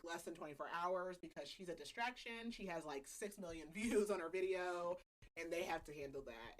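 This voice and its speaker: A woman hosting a podcast, casually recapping a book's plot with a chatty, laughing manner and lots of filler words. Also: on the low side. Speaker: podcast host. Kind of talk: casual book recap chat.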